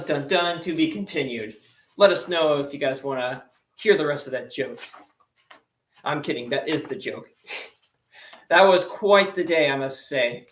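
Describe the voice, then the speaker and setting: A man's voice: on the high side, fairly bright tone, echoey room. A man doing stand-up on a live stream, telling long Navy jokes in a chatty, self-deprecating way and laughing at his own punchlines. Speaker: stand-up comedian.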